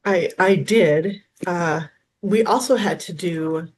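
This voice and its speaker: A woman in her fifties from Wisconsin, a therapist guest telling lively stories and acting out quotes in a casual interview. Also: on the low side, takes it slowly. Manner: animated storyteller, acts out quotes.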